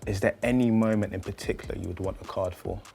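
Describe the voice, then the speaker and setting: A man hosting an interview, asking questions in a measured, upbeat way. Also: low voice, fairly even intonation, vocal fry, a little mellow, faint music behind. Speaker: interviewer host.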